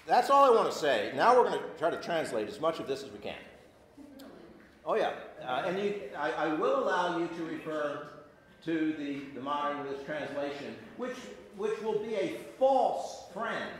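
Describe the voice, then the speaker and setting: Man, fairly high voice, lively swooping delivery, informal class lecture, echoey church room. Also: normal speed. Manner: animated, stops and restarts often. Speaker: teacher of an adult class. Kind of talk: informal lecture with reading aloud.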